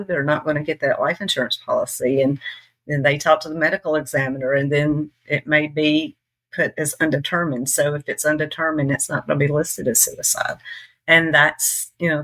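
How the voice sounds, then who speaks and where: A woman's voice: deep voice, bright, forceful tone. A woman from Tennessee with a Southern accent, a nonprofit leader chatting in an interview, laughing often and trailing off with fillers. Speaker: nonprofit CEO guest. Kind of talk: casual interview talk.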